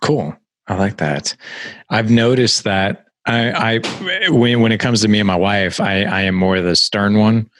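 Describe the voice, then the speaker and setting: A man's voice: lowish voice, lively intonation, measured pace, a bit bright, slight background noise. A man hosting a podcast interview, giving short agreeing replies and asking follow-up questions. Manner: brief affirming responses and follow-up questions. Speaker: podcast host.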